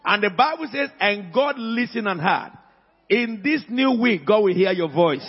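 A man preaching a sermon as pastor, calling on the congregation and rising to shouts. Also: sits high, expressive, moderate pace, husky, big-room sound, lo-fi sound. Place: church hall.

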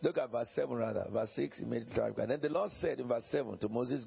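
This man talks fast with few pauses, his mid-range voice breathy at the edges and touched with vocal fry. He is a pastor delivering a sermon with Bible reading, emphatic and repetitive, chuckling often and checking in with the congregation. It's captured on a dull lo-fi recording.

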